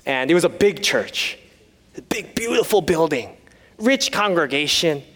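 A man preaching with a high, lively voice that rises and falls broadly. He takes his time, drawing out phrases as his words roll through a long, echoing church hall. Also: measured pace. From United States. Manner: storytelling, humorous, then earnest and hushed. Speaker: pastor. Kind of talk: sermon.

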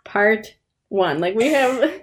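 A woman's voice: medium pitch, animated, takes it slowly. A woman co-hosting a podcast, telling a crime story and chatting in a crude, grossed-out, swearing way. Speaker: podcast co-host. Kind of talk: casual chat.

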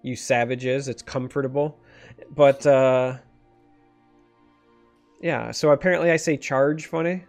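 A man with a northern Michigan accent and a faintly nasal voice talks in an easygoing, rambling way. He sounds mid-pitched, and soft music plays behind him. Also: unhurried, gravelly, pauses often, clean tone. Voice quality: slightly nasal. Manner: easygoing, rambling, explains game rules at length. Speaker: stream co-host. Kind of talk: casual chat.

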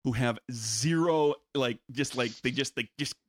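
Guy hosting a podcast, chatty and jokey, wanders off topic, medium pitch. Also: unhurried. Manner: joking, tangential. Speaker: podcast host. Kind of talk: casual chat.

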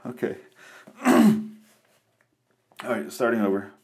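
Man with a low voice, melodramatic comic confession, faint music underneath. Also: steady tone, slow pace. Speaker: comedy vlogger. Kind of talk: mock-serious comedy monologue. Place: in a shower.

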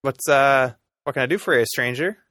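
A man's voice: medium pitch, normal speed, sharp tone, dry recording, clean studio sound, voice pushed up, natural voice. A man voicing a lanky male dragonborn druid who tends oxen, easygoing and friendly in manner.

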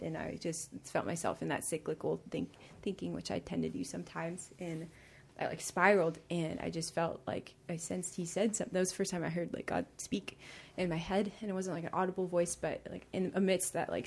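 A woman's voice: on the low side, gravelly, slightly rough. A woman guest on a podcast sharing her personal faith testimony, rambling with many fillers and restarts, emotional and laughing through near tears.

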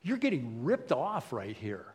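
A man's voice: mid-range voice, wildly swooping pitch, unhurried. A man voicing a sarcastic, persuasive male serpent tempter in a mocking, wheedling way.

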